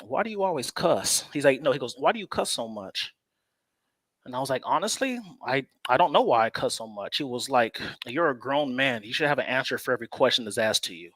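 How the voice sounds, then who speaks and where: A man's voice: mid-range voice, a bit bright, no echo. A man co-hosting a casual sports chat, telling a personal story at an easy pace and laughing often. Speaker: co-host.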